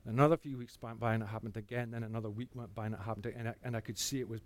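A man telling a personal faith testimony, earnest, dropping to a hush and then rising again. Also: fairly low pitch, rapid-fire. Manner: earnest storytelling that swings between hushed and animated. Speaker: speaker giving a testimony.

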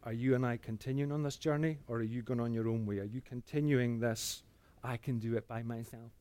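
A man voicing God, who speaks to him quietly in a low, measured way. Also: fairly even intonation, lightly acted. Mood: grave.

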